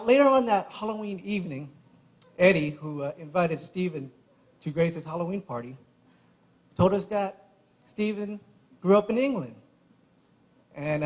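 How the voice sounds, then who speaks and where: A man's voice: high voice, poor audio. A man giving a casual best-man speech at a wedding reception, chatty, emotional and laughing often through his stories. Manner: admits he gets emotional.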